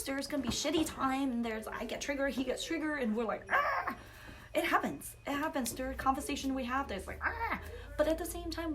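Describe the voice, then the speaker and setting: Young woman doing spiritual coaching talk, bit high voice, animated and laughy. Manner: animated, laughing, acts out quoted outbursts. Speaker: psychic coach.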